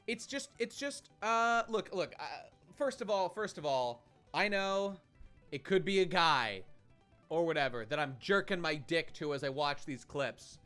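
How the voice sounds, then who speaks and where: A man's voice: a little high, lively intonation, measured pace, sharp tone, smooth, faint music behind. Rambling, profane man streaming a game. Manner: rambling and profane, with frequent restarts. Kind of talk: casual live-stream commentary.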